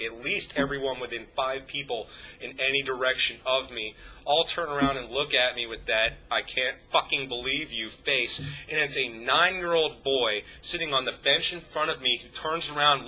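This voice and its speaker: A man's voice: mid-range voice, pushed and bright, husky, low-quality recording. A young man telling a rambling, profane story to his vlog audience, full of fillers and restarts. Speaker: YouTube vlogger. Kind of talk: casual anecdote told to camera.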